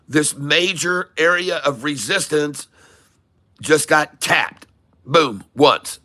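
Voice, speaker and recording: Guy on a trading stream, slow playful patter, dry close sound. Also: a little high, sharp tone, no room sound. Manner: playful, jokey hype with kiss sounds and joke French and Spanish; chart-pointing teacher, addresses viewers as folks. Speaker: stock-trading stream host. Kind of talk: live trading stream commentary.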